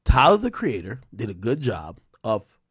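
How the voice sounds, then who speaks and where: Husky, lively male streamer. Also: medium pitch, normal speed, dry recording, studio quality. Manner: loose and profane, with loud excited bursts. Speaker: live-stream host. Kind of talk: casual live-stream chat reading donations.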